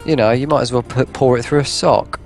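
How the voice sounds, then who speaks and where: A man's voice: medium pitch, a little fast, darkish tone, faint music behind. A man, a guest on a stream, chatting in a rambling, teasing way and laughing at his own jokes. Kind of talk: casual chat.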